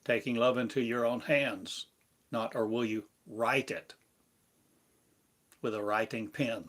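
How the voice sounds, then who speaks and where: A man giving a meditative spiritual lesson, speaking in slow, repetitive, incantatory phrases. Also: medium pitch, steady tone, a bit bright. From United States. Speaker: spiritual teacher.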